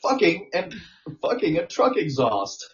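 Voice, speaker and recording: A man's voice: high voice, wildly swooping pitch, unhurried, dull audio. A man co-hosting a podcast, laughing as he lists crude ideas in casual banter. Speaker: podcast co-host.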